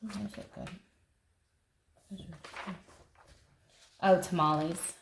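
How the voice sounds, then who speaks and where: Her voice is lowish and gravelly, with a steady tone and slow pace. This gardening vlogger pages casually through a seed catalog, chatting with enthusiasm and musing out loud, recorded in an echoey room with a little background noise.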